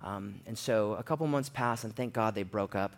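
A man's voice: fairly low pitch, moderate pace. A young man telling a personal story in a sermon, acting out the quoted voices as he goes. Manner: animated storyteller, acts out quotes in a raised voice.

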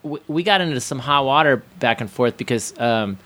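A man's voice: mid-range voice, animated, moderate pace, fairly bright tone. Casual male podcast co-host, mid-range voice, loose rambling storyteller who laughs a lot and acts out quoted friends. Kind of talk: casual chat, telling anecdotes.

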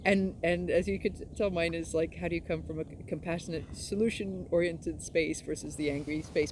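A woman guest in a casual conversation, telling stories with animated energy and frequent laughter. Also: on the low side, slight background noise, rough recording. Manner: laughs often, animated storytelling. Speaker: stand-up comedy teacher, guest.

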